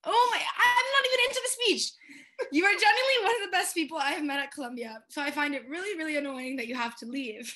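A woman's voice: high voice, fairly quick, pushed and bright. A woman in her twenties giving an emotional tribute to a departing friend in her singing group, crying and laughing through her words with many fillers. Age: 20s. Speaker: a cappella group member giving a senior tribute.

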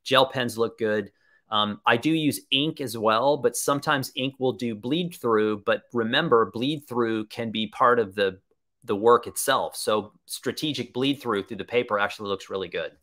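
A man's voice: medium pitch, moderate pace, a bit bright. A man presenting a live webinar, talking in an enthusiastic, conversational way and answering viewer questions as he thinks aloud.

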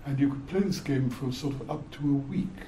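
Chuckling wryly as he goes, a former lawyer now older in years shares anecdotal stories as a guest speaker. He talks a little fast in a mellow, mid-range voice, over a roomy echo with a bit of hiss or hum.

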